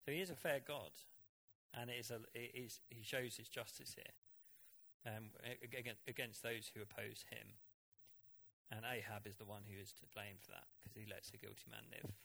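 A man preaching a sermon, reading scripture and explaining it in an animated, chatty way. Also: lowish voice, normal speed, gravelly, slight background noise. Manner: animated, conversational Bible exposition.

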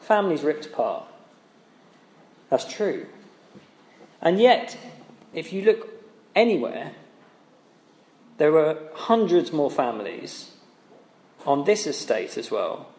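Conversational preacher in an echoey hall. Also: male voice, a little high, big pitch swings, takes it slowly, pauses often, a little mellow. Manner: conversational, asks rhetorical tag questions. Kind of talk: sermon.

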